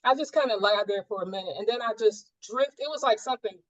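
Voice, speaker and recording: A woman's voice: a little high, fast talker, no echo, highs cut off. A woman sharing a personal experience in a group coaching session, reflective and searching, with many fillers.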